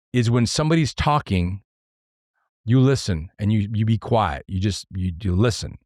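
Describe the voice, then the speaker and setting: A man hosting a podcast on his own, explaining leadership ideas step by step in numbered points, earnest and sometimes excitable. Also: medium pitch, no echo, clean studio sound. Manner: excitable at times. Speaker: podcast host. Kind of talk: solo podcast talk on leadership.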